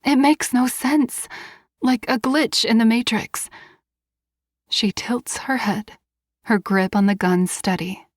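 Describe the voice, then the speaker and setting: A woman narrating a first-person romance audiobook in a tense, measured way. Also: on the high side, no echo, clean studio sound.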